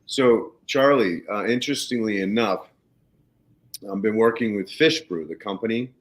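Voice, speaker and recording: A man's voice: fairly low pitch, moderate pace, poor audio. A man hosting a podcast, chatting casually with his guest and sharing his own experience. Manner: conversational, shares own experience. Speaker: podcast host. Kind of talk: casual interview chat.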